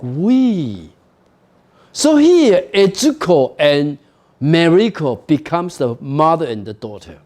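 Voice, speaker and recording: Slow, animated male lecturer. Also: a little high. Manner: explanatory, with frequent "you know" and "okay?" asides. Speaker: university literature lecturer. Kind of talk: recorded university lecture.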